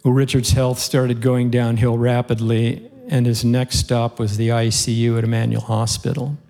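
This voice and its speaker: Gravelly-voiced man telling a sermon story. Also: medium pitch, little pitch movement, moderate pace. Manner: earnest, heartfelt storytelling with occasional soft laughs. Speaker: preacher.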